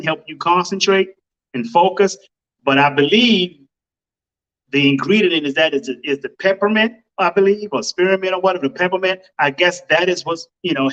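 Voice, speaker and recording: Animated high-voiced male podcast host. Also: lo-fi sound. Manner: animated, emphatic, exclaiming. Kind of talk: casual motivational podcast talk. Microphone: home computer setup microphone.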